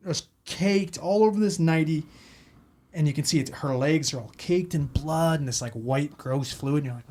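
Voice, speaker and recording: A man's voice: mid-range voice, a little mellow. Profane rambling man. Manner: profane and rambling, acting out quotes. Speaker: paramedic telling a story. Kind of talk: casual podcast storytelling.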